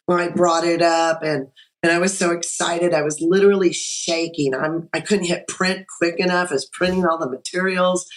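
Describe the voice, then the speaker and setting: A woman guest on a podcast, chatting over a video call and telling her story in a lively way with frequent restarts. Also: lowish voice, low-quality recording. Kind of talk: personal story told in conversation.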